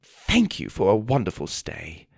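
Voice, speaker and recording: A man's voice: low voice, wildly swooping pitch, measured pace, creaky, a little mellow, slightly rough, dry recording, studio quality, pitched below the performer's own voice, full character voice. A man voicing a polite young boy who speaks in a put-on British accent in a storybook reading. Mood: prim, polite. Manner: prim, courteous.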